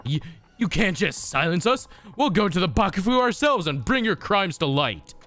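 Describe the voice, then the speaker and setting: A man's voice: sits high, very animated, moderate pace, a bit bright, soft background music, voice pushed up. A man voicing a frightened peasant protester, stammering and pleading as he reads the lines.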